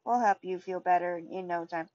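A woman reading the lines of a kind male circus animal trainer, with halting restarts. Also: lowish voice, fairly even intonation, mellow, no room sound, close to an everyday voice. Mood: reassuring. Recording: dull lo-fi recording.

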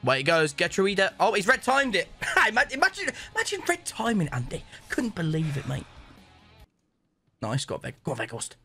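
A man hosting a gaming video in casual commentary, dramatic and self-pitying one moment, excitable the next. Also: high voice, normal speed, faint music behind. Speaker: gaming channel host.

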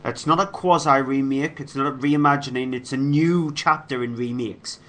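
A man co-hosting a film review show, presenting reviews in a casual, measured way with fillers. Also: medium pitch, steady tone, a bit bright.

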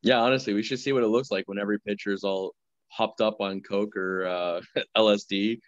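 A man's voice: lowish voice, fairly even intonation, brisk, dry recording. Rambling man with slightly dull audio. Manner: rambling, with many fillers and laughs. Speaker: podcast guest. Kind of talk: casual chat.

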